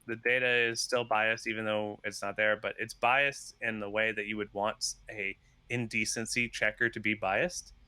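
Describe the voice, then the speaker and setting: Bright laughing man on a call. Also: on the low side, clean tone, no echo. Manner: laughs often, fast and rambling with restarts. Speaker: podcast guest, software developer. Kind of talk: casual video-call chat.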